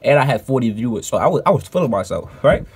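A man who streams, telling a story in a casual, animated and profane vlog rant. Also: medium pitch, fast talker, slight background noise.

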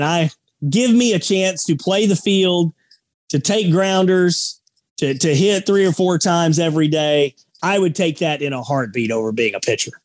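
A man's voice: sits high, no room sound. Blunt, joking man on a podcast. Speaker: podcast co-host. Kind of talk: casual sports talk.

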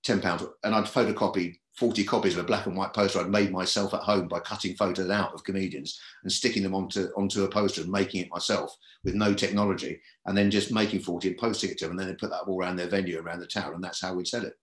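A very low-pitched man talks through his early working years in a podcast interview. He rambles and repeats himself as he goes. The room adds a noticeable echo to his voice. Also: steady tone, quick pace, few pauses. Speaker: comedy club booker and comedian. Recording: roomy echo.

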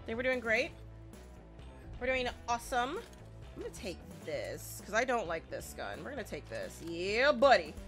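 A woman doing let's play commentary, excitable, panicking and swearing, often repeating herself. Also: on the high side, normal speed, over music. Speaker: gaming YouTuber.

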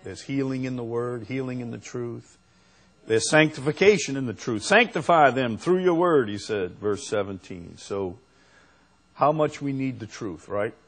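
A man preaching a sermon as pastor, slow and unhurried, rising to emphatic peaks. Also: mid-range voice.

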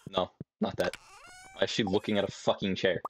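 A man's voice: low voice, fairly even intonation, brisk, slight background noise. A young man streaming a farming game, chatting casually and rambling to himself with lots of swearing. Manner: profane, rambling, talks to himself. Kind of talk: casual gameplay commentary. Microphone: desk mic with webcam.

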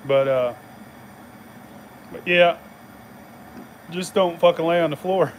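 A man's voice: a little high, a little slow, long pauses, fairly bright tone, slight background noise. A middle-aged man, telling a rambling, profane story in casual chat and laughing along the way. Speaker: channel host.

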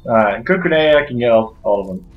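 A man giving let's play commentary while he plays a shooter, swearing constantly and shouting at enemies in frustration. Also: mid-range voice, animated, quick pace, phone-quality sound, faint music behind. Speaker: gamer playing through a shooter.

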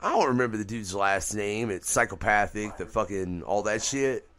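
A man hosting an uncensored podcast radio show in relaxed, profane conversation. His voice moves lively up and down and spikes high whenever something excites him. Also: normal speed. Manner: animated, swears freely, pitch jumps when excited. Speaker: podcast host. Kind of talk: casual profane radio chat.

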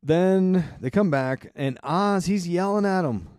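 A man hosting a podcast, retelling a story in a casual, colloquial way with wry asides and quick restarts. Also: high voice, a little mellow, dry recording, clean studio sound. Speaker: podcast host.

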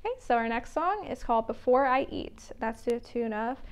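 High-voiced woman leading children's story time. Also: expressive, a little fast, hardly any pauses, highs cut off. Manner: gentle, sing-song, talking to small children. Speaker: children's librarian. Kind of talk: story time reading and sing-along.

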